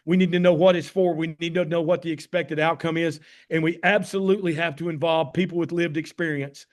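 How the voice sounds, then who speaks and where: Southern tennessee guy in his 50s, kinda high voice, folksy and emphatic, telling heartfelt stories on a call. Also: fairly even intonation, fairly quick. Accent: Tennessee Southern American. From Tennessee, USA. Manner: folksy, emphatic, heartfelt, addresses listeners as guys. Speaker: addiction medicine doctor giving a talk. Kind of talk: personal storytelling presentation on a call.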